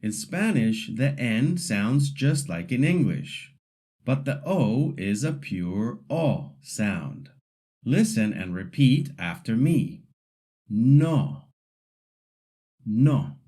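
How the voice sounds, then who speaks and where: A man teaching pronunciation in a scripted lesson, saying model words slowly and deliberately so learners can repeat them. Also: medium pitch, sing-song, warm tone, breathy edge.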